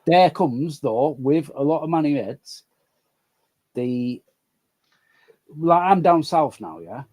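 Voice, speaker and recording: Husky man, rambling. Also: fairly high pitch, lively intonation, takes it slowly, a little mellow. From Manchester area. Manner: rambling, apologetic, sweary. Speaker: guest caller. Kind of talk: casual live chat.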